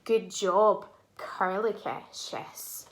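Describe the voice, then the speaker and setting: A woman teaching a phonics lesson to young children, sounding out words slowly and clearly and praising often. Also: on the high side, lively intonation, fairly bright tone.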